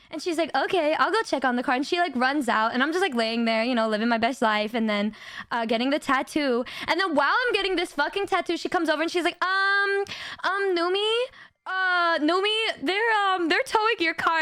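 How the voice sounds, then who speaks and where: A young woman streamer telling a story to her chat in a casual, animated way, swearing and laughing as she goes. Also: high-pitched, no echo, studio quality.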